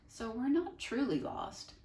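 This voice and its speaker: Woman voicing a firm, scolding great-aunt, loud, echoey room heard from a distance. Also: a little high, wildly swooping pitch, a little slow, vocal fry, pitched above the performer's own voice, heavily acted. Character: stern, no-nonsense great-aunt.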